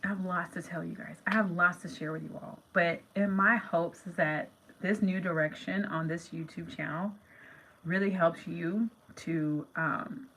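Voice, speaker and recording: A woman's voice: lowish voice, steady tone, unhurried, fairly bright tone, low-quality recording. A middle-aged woman hosting a manifestation channel, talking casually and emphatically to viewers, repeating phrases and calling them "you guys". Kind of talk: casual talk to camera.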